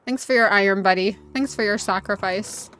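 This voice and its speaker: A woman's voice: medium pitch, brisk, a bit bright, a little hiss or hum. A woman game streamer chatting casually and self-mockingly while playing, talking to the characters on screen. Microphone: desk USB microphone.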